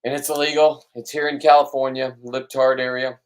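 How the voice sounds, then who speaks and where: A man records a casual fishing vlog outdoors. He rambles bluntly and pokes fun at himself. His pitch sits in the middle. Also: level tone, a little fast, clean tone. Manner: blunt, rambling, self-deprecating. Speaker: fishing vlogger.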